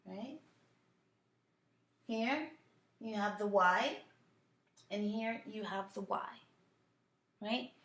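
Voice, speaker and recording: A woman teaching a French class, drilling verb conjugations slowly and patiently, often asking "right?". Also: mid-range voice, echoey room. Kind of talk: recorded classroom lesson, switching between French and English.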